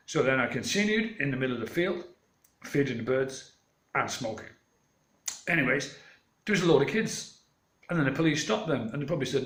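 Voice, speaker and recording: A man's voice: mid-range voice, lively intonation, a little fast, long pauses, a bit bright, roomy sound. A man telling a long, meandering story in a defiant, swearing rant to his channel. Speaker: channel host. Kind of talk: rambling ranting monologue.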